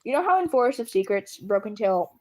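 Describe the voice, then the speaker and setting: A woman's voice: mid-range voice, fast talker. A woman streaming live, chatting casually and giggling often as she talks to her viewers. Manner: giggly, laughs between sentences; animated, addresses viewers. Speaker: livestreamer. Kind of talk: casual chat.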